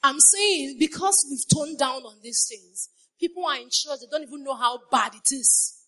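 A woman's voice: sits high, normal speed, bright, forceful tone. A woman preaching a sermon, repeating her phrases and putting questions to the congregation. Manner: call-and-response, asks the congregation questions.

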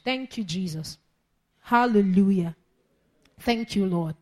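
A woman's voice: fairly high pitch, lively intonation, normal speed, long pauses, darkish tone. A woman preacher, giving an emphatic sermon and repeating her key phrases. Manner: emphatic, repeats phrases, laughs between points.

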